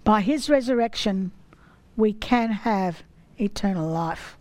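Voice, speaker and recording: A woman giving a sermon, reading scripture in a slow, measured way. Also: medium pitch, animated, darkish tone, no room sound, low-quality recording. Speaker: teacher of scripture.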